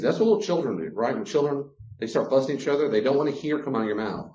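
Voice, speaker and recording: A man giving a teaching talk on relationships. He is animated and acts out the voices he quotes. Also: medium pitch, fast. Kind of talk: lecture-style teaching. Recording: roomy, slightly dull sound.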